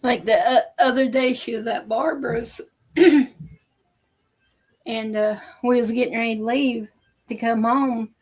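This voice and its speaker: A woman's voice: fairly high pitch, steady tone, a little slow, pauses often, low-quality recording. A woman hosting a casual reaction vlog, telling family stories in a chatty way and laughing often. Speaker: video host.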